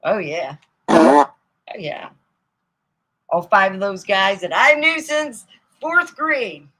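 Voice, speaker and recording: A middle-aged woman spinning loose, rambling comic tales from her own past. She swears freely and laughs at her own stories. Her pitch sits in an ordinary middle range for a woman. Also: animated, slow pace, a bit bright, low-quality recording. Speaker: comedian. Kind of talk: casual storytelling monologue.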